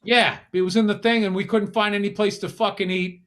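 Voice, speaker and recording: A man's voice: high voice, little pitch movement, fairly quick, a bit bright. Profane, heated Boston man. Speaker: podcast co-host. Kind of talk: casual chat.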